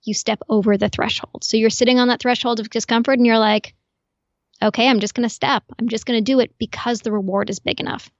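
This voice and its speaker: Woman explaining stuff calmly, kinda high voice, dry muffled sound. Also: fast, dry recording. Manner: calm, clear, instructive. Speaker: podcast guest, neuroscientist. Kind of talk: explanatory interview talk.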